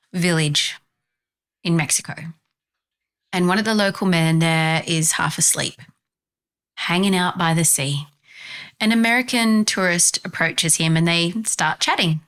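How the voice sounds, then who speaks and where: A woman's voice: on the low side, a bit bright. An Australian woman giving a thoughtful, earnest talk and telling stories. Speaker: speaker, mindfulness teacher. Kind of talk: reflective talk with storytelling.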